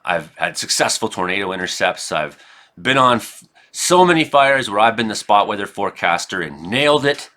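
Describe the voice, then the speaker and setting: A man from Canada talks casually over his own gameplay, wandering between stories and sudden excited outbursts. His voice sits low but carries a bright, forceful edge. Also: normal speed. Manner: rambling, excitable, reacts loudly to hits. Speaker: gaming streamer and weather forecaster.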